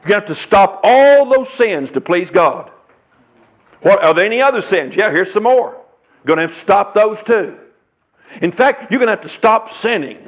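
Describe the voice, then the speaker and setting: A man preaching a sermon, reading scripture and stressing words slowly and forcefully. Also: high-pitched, expressive. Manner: emphatic, drawn-out preaching with mimicked voices. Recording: tinny phone-like lo-fi sound.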